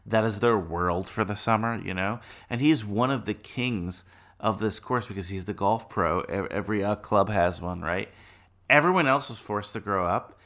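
A man with a notably low voice talks through a film on a podcast. He is relaxed and analytical, with frequent chuckles. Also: moderate pace. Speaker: podcast co-host. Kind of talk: casual film discussion.

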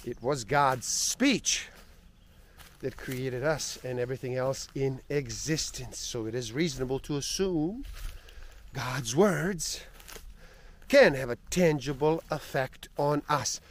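Slow, earnest male storyteller. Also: medium pitch, slight background noise. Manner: slow, earnest, sometimes dropping soft. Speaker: storyteller and spiritual speaker. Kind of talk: reflective spiritual narration.

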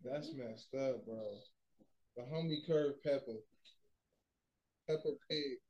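A young man co-hosting a casual movie review chat, slangy and teasing, with quick reactions. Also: mid-range voice, darkish tone, poor audio.

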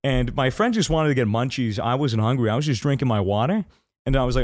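A young man in his twenties chatting on a podcast mic, with a mid-pitched voice. He tells stories with lively enthusiasm, curses freely, and puts on voices for the people in them. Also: quick pace, no echo, studio quality. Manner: animated storyteller, swears freely. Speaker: podcast co-host. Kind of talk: casual chat.

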